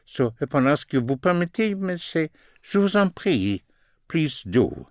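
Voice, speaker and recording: A man teaching a recorded language lesson, slowly repeating each phrase and its translation. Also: fairly high pitch, sing-song, darkish tone, no echo, studio quality. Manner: slow, deliberate, repeats phrases in two languages.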